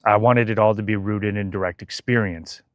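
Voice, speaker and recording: A man calmly narrating his spiritual journey in a slow, measured, even cadence. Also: fairly low pitch, dry recording. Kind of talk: calm reflective narration.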